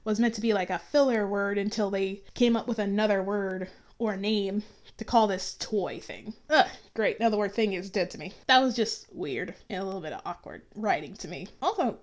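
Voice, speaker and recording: A woman's voice: mid-range voice, normal speed. A woman giving an opinionated, chatty review with sarcastic asides. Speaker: YouTube reviewer. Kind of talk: casual review commentary.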